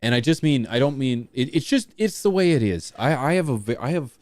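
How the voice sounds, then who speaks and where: A man's voice: mid-range voice, very animated, brisk, darkish tone, dry recording. A man who streams, chatting casually and jokingly with his partner and viewers. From small rural town. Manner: rambling, self-deprecating, jokey. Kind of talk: casual livestream chat.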